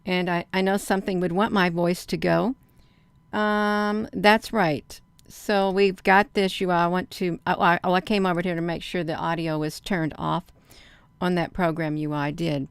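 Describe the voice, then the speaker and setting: A woman's voice: on the low side, little pitch movement, moderate pace, clean tone, dry recording. A woman hosting a livestream, talking urgently and emphatically to her viewers and answering their comments as she goes. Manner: urgent, emphatic, addresses viewers as "you all". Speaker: livestream host.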